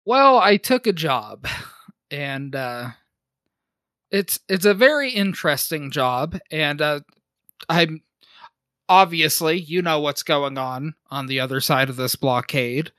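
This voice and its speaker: A man's voice: a little high, animated, takes it slowly, sharp tone, dry recording. A man playing a tabletop game, speaking in character hesitantly and politely, with many fillers. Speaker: player. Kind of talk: in-character role-play.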